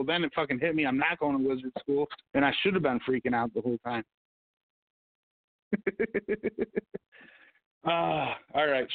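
A man hosting a casual podcast, rambling and swearing constantly as he tells stories. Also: a little high. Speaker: podcast host. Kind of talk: casual profane chat. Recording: tinny phone-like audio.

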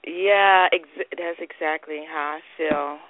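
A woman calling in for a reading, playful and quick to laugh, speaking dramatically. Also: low voice, steady tone, no echo. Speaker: caller. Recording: tinny phone line with faint hiss.

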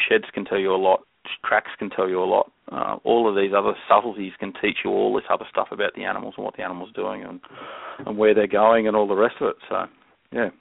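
A man's voice: fairly low pitch, creaky, no room sound. An Australian man, a guest on a podcast, chatting casually and enthusiastically, rambling with many restarts and frequent laughs. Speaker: guest herpetologist. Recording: tinny phone-like call audio.

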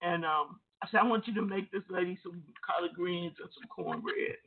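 A man's voice: sits high, normal speed. A man preaching, retelling a phone call as dialogue and repeating words as he goes. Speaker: pastor. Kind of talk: storytelling sermon. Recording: tinny phone-like sound.

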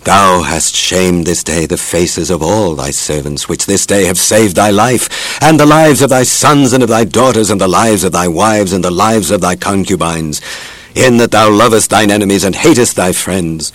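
A man plays a stern male commander scolding his king in a low voice. The reading is solemn and scriptural, and the sound is dry and close. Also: moderate pace, a bit bright, dry recording, rough recording. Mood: rebuking. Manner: stern and rebuking.

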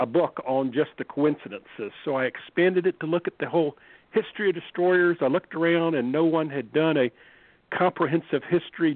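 A man with a cold, hoarse and scratchy, speaking as a guest author in a radio phone interview, often halting and repeating words as he explains. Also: a little high, no room sound. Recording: tinny phone line.

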